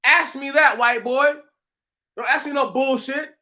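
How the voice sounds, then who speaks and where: A man's voice: extremely high pitch, a little slow, bright, forceful tone. A man hosting his own channel, delivering a heated, profane, mocking rant at commenters. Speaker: channel host answering commenters.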